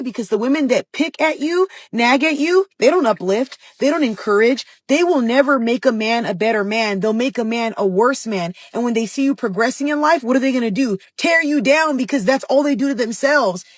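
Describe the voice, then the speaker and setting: A woman delivering blunt, preachy dating advice with emphasis. Her voice sits slightly high. The sound is dry and close. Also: dry recording.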